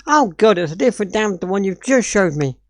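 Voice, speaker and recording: A woman's voice: medium pitch, expressive, fast talker, no room sound. A woman, ranting in sweary exasperation while reacting on a live stream.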